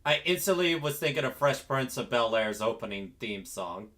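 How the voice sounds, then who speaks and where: A man's voice: medium pitch, animated, normal speed, fairly bright tone. A man chatting casually on a streamed group call, joking flirtatiously and breaking into laughter.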